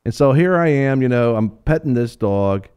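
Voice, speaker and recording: A middle-aged man swapping stories on a talk show, animated and laughing as he goes. He drops into little voices for the people in his tale, then back to his easy, mid-pitched talk. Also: moderate pace, smooth. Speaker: co-host. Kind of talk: casual storytelling chat.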